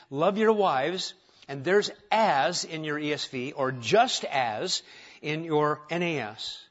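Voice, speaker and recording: A man's voice: fairly high pitch, a bit bright, lo-fi sound. A man preaching a sermon in a church, conversational, with rhetorical questions and light humor. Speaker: pastor. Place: church sanctuary.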